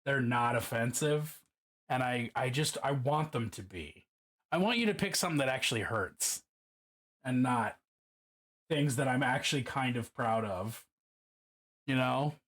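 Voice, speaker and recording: A man's voice: medium pitch, animated, a little slow, pauses often, a bit bright. A man from Baltimore chatting casually on a live stream while painting miniatures alone in his room, profane, rambling and self-mocking.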